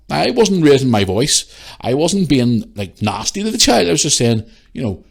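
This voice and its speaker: A young man, hosting a podcast and telling a story in an animated, swearing rant. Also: mid-range voice, moderate pace, vocal fry. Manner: animated ranting, swears freely. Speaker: podcast host. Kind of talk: casual storytelling monologue.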